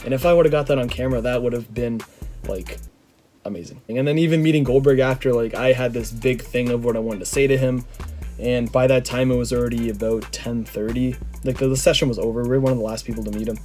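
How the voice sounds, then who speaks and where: A young man from Canada tells a story to his camera in an excitable, rambling way. He stumbles through fillers and restarts, his voice mid-pitched. Faint music plays underneath. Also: quick pace. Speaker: vlogger.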